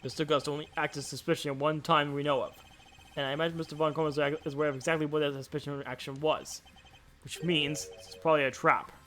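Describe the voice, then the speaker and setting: A man voicing a composed male prosecutor, reasoning through the case in a measured way while reading game dialogue aloud. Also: a little high, little pitch movement, fairly bright tone, natural voice.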